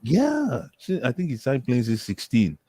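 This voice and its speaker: A man co-hosting a casual football chat, excitable and emphatic, repeating his points. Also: mid-range voice, moderate pace, dry recording. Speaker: podcast co-host.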